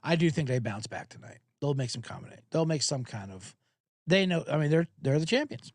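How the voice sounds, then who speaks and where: Animated, high-pitched male sports host. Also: a little fast, no echo. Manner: animated, profane, rambling. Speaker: sports betting podcast host. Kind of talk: casual sports talk.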